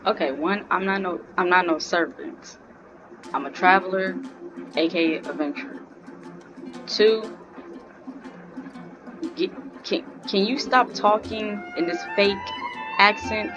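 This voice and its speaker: A woman's voice: mid-range voice, takes it slowly, long pauses. A woman doing reaction commentary over a game, exasperated and rambling as she talks back to it. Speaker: gaming streamer. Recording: dull lo-fi mic with game music.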